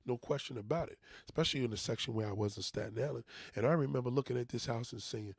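Gravelly, husky man venting bluntly. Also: medium pitch, fast, few pauses, no room sound, clean studio sound. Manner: profane, emphatic venting. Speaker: junk removal business owner. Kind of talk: casual rant to camera.

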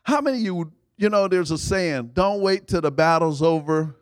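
A man preaching a sermon in call-and-response style, prompting the congregation to finish his lines and rising to shouts. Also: a little high, lively intonation, normal speed, dry recording.

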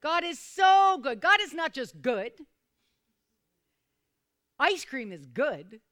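A woman preaching a sermon to a small group, repeating phrases and calling for responses, sometimes bursting into loud, fervent exclamations. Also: high-pitched, big pitch swings, slow. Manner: repetitive, calls for responses from listeners.

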